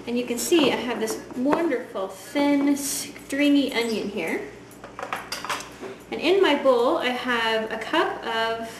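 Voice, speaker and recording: A woman giving a chatty, enthusiastic cooking demonstration in a home kitchen. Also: fairly high pitch. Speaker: home cook. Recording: echoey kitchen, voice from far off, loud frying noise.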